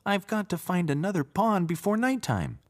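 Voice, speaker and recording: A man voicing a tiny male frog who loves to sing, in a high, light singsong voice. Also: lively intonation, moderate pace. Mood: wondering.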